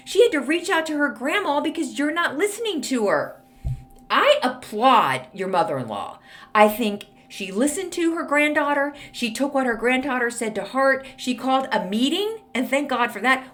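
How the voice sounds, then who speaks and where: A woman's voice: high voice, a bit bright. A middle-aged woman hosting an advice podcast, blunt, sassy and exasperated as she reads and answers a letter. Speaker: podcast host. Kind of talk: snarky advice podcast monologue.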